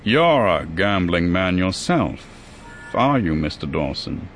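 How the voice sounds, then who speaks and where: Narrator doing a smooth, low-voiced, scheming banking official; measured and formal. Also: male voice, big pitch swings, soft background music, full character voice. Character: smooth scheming male banker, inspector.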